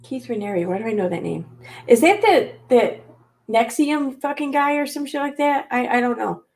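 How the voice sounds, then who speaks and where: A woman's voice: on the high side, expressive, moderate pace, creaky, a little mellow. A woman hosting a commentary channel, reacting to clips with sarcastic, exasperated rants full of swearing.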